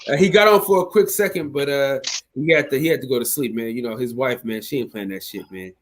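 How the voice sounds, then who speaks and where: A man hosting a casual livestream, talking in slang and shouting out viewers in the chat. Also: mid-range voice, fast talker, slight background noise. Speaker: show host.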